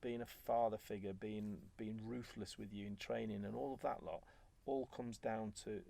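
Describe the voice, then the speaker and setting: A former footballer as a guest, telling stories in relaxed chat and acting out what was said. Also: male voice, lowish voice, normal speed, vocal fry. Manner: animated, acts out quoted remarks. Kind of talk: conversational storytelling.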